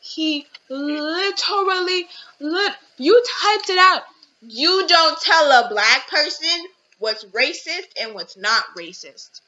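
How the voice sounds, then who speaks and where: A young woman hosting a casual podcast rants in a high, animated voice, slow-paced and sharp in tone, over a muffled recording. Indignant and exasperated, she reads chat messages aloud.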